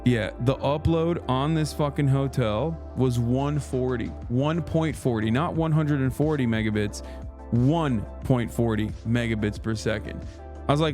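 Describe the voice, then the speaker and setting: A man in his thirties rants to his stream chat, profane and exasperated as the story runs on. His voice sits in an ordinary middle pitch. Faint music plays under his talk. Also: a little slow, a little mellow. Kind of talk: casual livestream rant.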